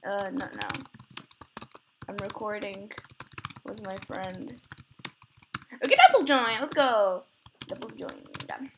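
A young woman with an expressive mid-range voice speaks slowly and pauses often, with background noise behind her. Recording gameplay, she rambles in casual chat and giggles, laughing self-consciously many times.

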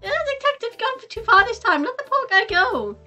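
A woman's voice: very high voice, very animated, fairly quick, pushed and bright, faint music behind, pitched above the performer's own voice, heavily acted. A woman voicing a doubtful, easily flustered young female cop. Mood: excitable.

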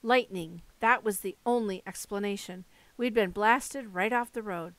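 A woman narrating a first-person audiobook with steady storytelling. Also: medium pitch, a little slow, no room sound.

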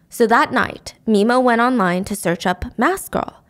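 A woman podcast host retelling a story in a chatty, animated way, often laughing. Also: a little high, a little slow. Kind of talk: casual storytelling recap.

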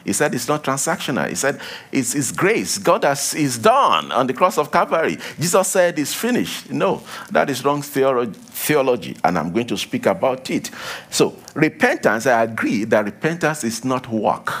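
Emphatic male preacher with lively pitch. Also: normal speed. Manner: emphatic, repeats key lines, drops to a low hush for warnings. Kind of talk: sermon.

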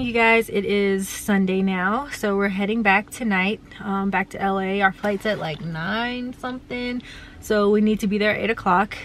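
A woman's voice: mid-range voice, fairly bright tone, a little hiss or hum. A woman chatting casually to her camera in a travel vlog, loose and full of fillers. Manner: chatty, filler-heavy, talks straight to camera. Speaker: vlogger. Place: hotel room and ski resort.

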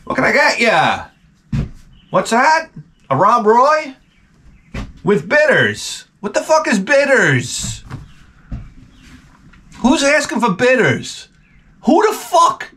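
A man voicing an old-fashioned male bartender, high-pitched and exasperated. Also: huge pitch swings, takes it slowly, long pauses, bright, forceful tone, a little hiss or hum, exaggerated voice.

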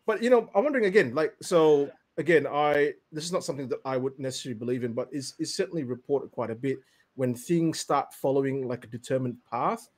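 A man co-hosting a casual podcast chat about ghost stories, joking and animated. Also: mid-range voice. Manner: joking, animated, quick asides. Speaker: podcast co-host.

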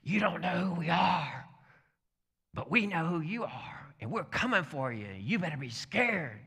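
A man voicing a blustering, hateful male gang leader who threatens and shouts. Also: a little high, lively intonation, a little slow, breathy edge, big-room sound, pitched above the performer's own voice, full character voice. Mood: menacing. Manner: menacing, then hotheaded.

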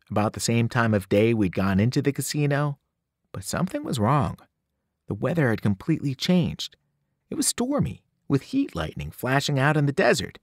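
A male teacher reads a children's novel aloud in an audiobook style. His delivery is lively and expressive, with plenty of pitch movement, and the recording is dry and close. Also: no room sound. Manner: expressive storytelling, varied pitch.

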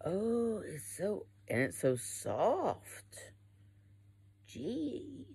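A young woman chats her way through an unboxing, wandering from thought to thought and swearing without a second thought. Her voice has a gravelly, fry-heavy edge. She speaks slowly, and her pitch climbs and dips freely as she talks. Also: animated, poor audio. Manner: rambling, swears freely, trails off. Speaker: vlogger. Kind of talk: casual unboxing chat.

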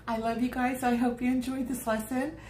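Bubbly high-voiced woman, echoey room. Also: little pitch movement, a little slow, a little mellow. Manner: bubbly, affectionate, chatty with viewers. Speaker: art teacher. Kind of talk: live-streamed painting lesson. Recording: echoey room, faint background noise.

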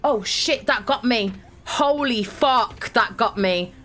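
A woman's voice: on the high side, takes it slowly, fairly bright tone, soft background music. A young woman streaming a horror game, thinking aloud, swearing and getting exasperated. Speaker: gaming streamer. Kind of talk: live gameplay commentary.

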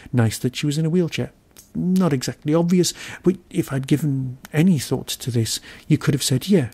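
A man's voice: on the high side, mellow. A man hosting a podcast, talking through a solo review in a wry, musing way and grumbling at himself now and then. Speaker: podcast host reviewing an episode.

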